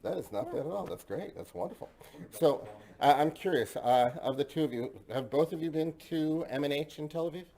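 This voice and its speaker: A man's voice: a little high, fairly quick, mellow. Chatty enthusiastic male host. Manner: enthusiastic, chatty, repeats himself. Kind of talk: casual hosted tasting discussion.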